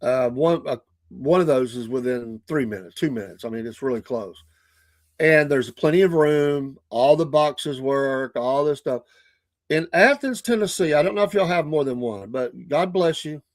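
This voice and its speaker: A man's voice: medium pitch, moderate pace, no room sound. An older man with a Southern US accent, hosting a podcast and telling a rambling, chuckling story in casual chat. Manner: animated, chuckling, rambling with restarts. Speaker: podcast host.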